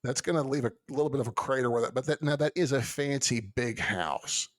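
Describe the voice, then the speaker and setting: A man co-hosting a podcast, chatting casually, reacting with quick agreement and jokes and musing aloud. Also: medium pitch. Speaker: podcast co-host.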